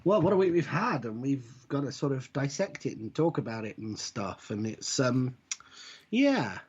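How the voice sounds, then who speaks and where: A man's voice: mid-range voice, big pitch swings, normal speed, a little mellow, husky. A man co-hosting a wrestling podcast, talking in a rambling, jokey way and often correcting himself. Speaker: podcast co-host. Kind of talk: casual chat. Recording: dull lo-fi audio.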